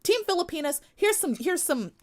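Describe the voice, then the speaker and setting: A woman's voice: extremely high pitch, lively intonation, moderate pace. A young adult woman from the United States hosting a live stream, talking back to critics in the chat in a sassy, confrontational way with emphatic repetition. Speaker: livestream host.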